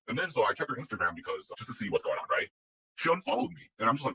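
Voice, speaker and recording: A man's voice: medium pitch, big pitch swings, rapid-fire, vocal fry, bright, forceful tone, slightly rough, poor audio. A man telling a personal story in a casual, rambling way, full of restarts and quoted dialogue. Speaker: guest telling his story.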